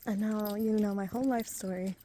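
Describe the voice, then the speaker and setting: A woman's voice: mid-range voice, steady tone, a little fast, dark tone, slight background noise. Breathless woman rambling on a trail. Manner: rambling, self-deprecating, chatty. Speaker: vlogger. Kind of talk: casual vlog chat while hiking. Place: outdoors on a mountain trail.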